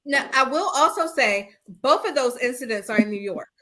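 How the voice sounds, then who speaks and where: Speaking at a moderate pace in a high voice, this woman hosts a podcast through an internet call. The chat is casual, and she tells stories with animation, acting out what people said.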